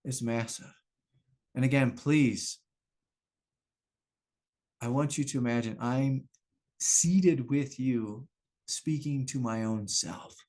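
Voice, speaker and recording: A man's voice: mid-range voice, takes it slowly, long pauses, darkish tone. A middle-aged man giving a satsang talk as a spiritual teacher, candid and self-reflective, laughing often and repeating phrases. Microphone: video call.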